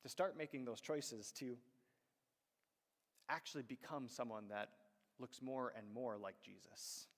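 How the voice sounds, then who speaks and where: A man's voice: mid-range voice, measured pace, long pauses. Casting note: male pastor, storytelling sermon, ringing church reverb. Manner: conversational storytelling, acts out quoted voices. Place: church sanctuary.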